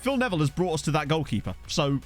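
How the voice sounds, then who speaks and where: Male streamer, high, swooping voice, chatty and quick to laugh, desk mic. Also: soft background music. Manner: animated, laughs often, chats with viewers. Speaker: gaming streamer. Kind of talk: casual live-stream commentary. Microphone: USB desk microphone.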